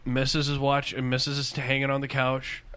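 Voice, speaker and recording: A bright-sounding man hosts a casual podcast from his basement studio. He rambles through stories and swears freely, with a loose, laid-back delivery. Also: medium pitch, completely flat delivery, moderate pace, clean tone. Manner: profane, rambling storyteller. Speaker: podcast host. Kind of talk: casual chat.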